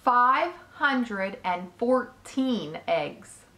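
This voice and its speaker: A woman voicing a wise, gentle female spider who talks slowly and calmly in a storybook reading. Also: mid-range voice, exaggerated voice. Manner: slow, calm, measured. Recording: echoey room.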